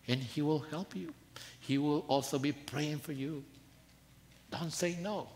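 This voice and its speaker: A man preaching a sermon in a church, soft-spoken and earnest, telling a personal story with rising emphasis. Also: on the high side, a little slow, long pauses. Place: church sanctuary. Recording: church hall reverb.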